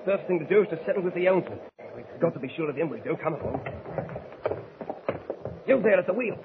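A menacing mutineer ringleader, barking threats in coarse grammar. His voice sits high, coming through a muffled 1940s radio broadcast with faint hiss. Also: sing-song, fast talker, creaky. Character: menacing English mutineer ringleader, gruff man.

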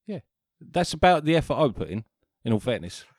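Fast-talking dry man. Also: mid-range voice, big pitch swings, darkish tone, no room sound. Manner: dry, self-deprecating jokes. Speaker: podcast co-host. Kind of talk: casual chat.

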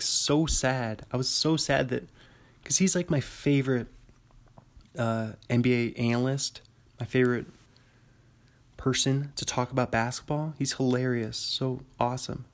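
A man's voice: mid-range voice, a little slow. A young man hosting a casual solo podcast, rambling with lots of fillers and frequent laughs. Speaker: podcast host.

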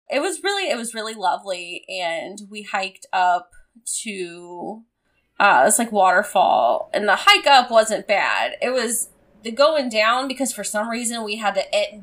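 A woman's voice: a little high, fairly bright tone. A woman co-host chatting casually, with a resonant voice that carries. She wanders through her stories, restarting sentences and poking fun at herself. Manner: rambling, self-deprecating storytelling with many restarts. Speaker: podcast co-host. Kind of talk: casual chat.

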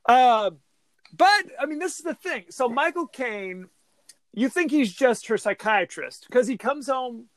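A man's voice: very high voice, a little slow, no room sound. A man co-hosting a podcast, chatting in a jokey, rambling way about a film. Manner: animated, jokey, rambling with restarts. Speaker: podcast co-host. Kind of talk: casual film discussion chat.

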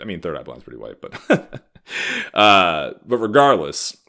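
Deep-voiced man ranting forcefully. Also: measured pace, creaky. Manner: blunt, profane, heated and animated. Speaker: podcast host. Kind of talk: solo ranting podcast talk.

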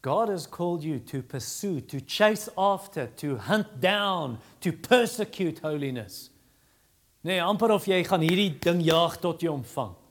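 Male preacher; emphatic sermon delivery, voice a touch high. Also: expressive, a little slow. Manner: emphatic, repeats phrases for stress.

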